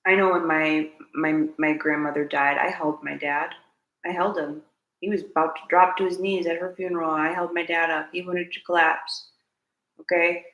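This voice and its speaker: Woman, low gravelly voice, earnest preachy self-help host, echoey room. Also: fairly even intonation, normal speed, a bit bright, dull audio. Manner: earnest, preachy, repeats key lines, asks viewers to comment. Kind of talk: spiritual self-help talk to camera.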